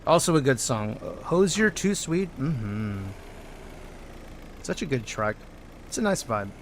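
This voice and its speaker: Lively streamer man chatting playfully. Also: mid-range voice, measured pace, slight background noise. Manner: playful, chatting with game characters, bursts of loud excitement. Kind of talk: casual gameplay commentary.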